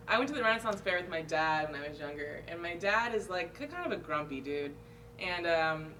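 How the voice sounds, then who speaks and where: A woman's voice: lowish voice, expressive, brisk, bright, forceful tone, distant mic, slight background noise, low-quality recording. A woman co-hosting a casual chat show, telling a story and laughing often. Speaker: co-host.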